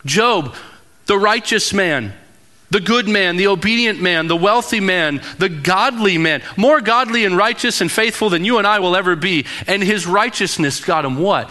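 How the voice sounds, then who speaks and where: A man in his thirties preaching a sermon as pastor, telling personal stories earnestly and dropping to a hushed tone for emphasis. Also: high-pitched.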